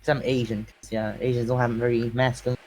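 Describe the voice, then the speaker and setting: A man's voice: mid-range voice, little pitch movement, fast talker, a little mellow, poor audio. A man bantering casually on a stream, teasing and swearing freely. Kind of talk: casual chat.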